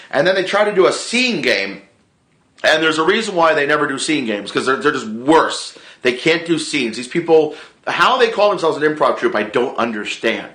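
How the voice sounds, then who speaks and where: Excitable, swearing man in an echoey room. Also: on the high side. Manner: rambling, excitable, swears a lot, frequent restarts. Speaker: vlogger and improv actor. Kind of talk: casual chat to camera.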